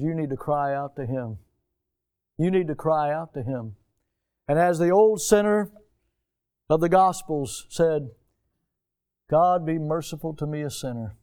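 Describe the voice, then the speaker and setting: A middle-aged American man preaching a sermon as pastor, swinging from soft low passages to loud raised emphasis. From United States.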